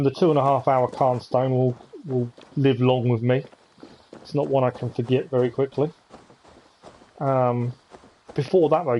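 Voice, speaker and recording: Man, gaming streamer, warm mellow tone, chatty, thinking aloud while playing. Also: medium pitch, slight background noise, rough recording. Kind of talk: live-stream gameplay commentary.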